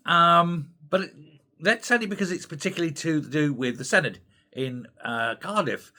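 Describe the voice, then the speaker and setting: An older British man delivers a solo opinion rant with scorn and open indignation. His voice is bright and fairly high for a man, and it rises and falls a great deal as he talks. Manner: indignant, scornful, animated ranting. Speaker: commentary channel host.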